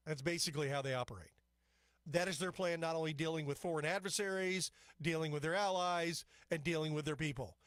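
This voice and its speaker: A man's voice: on the high side, steady tone, a little fast, fairly bright tone, no room sound. A man hosting a talk radio show, delivering a rambling, opinionated monologue full of asides into a studio microphone.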